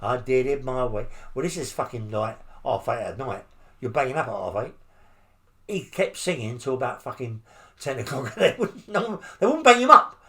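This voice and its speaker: Older london bloke telling rough prison stories, swears a lot, keeps going "yeah?". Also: male voice, mid-range voice, big pitch swings, moderate pace, sharp tone. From England. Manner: blunt, heavy swearing, rambling with tag questions. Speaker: interviewee, former criminal. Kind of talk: storytelling interview.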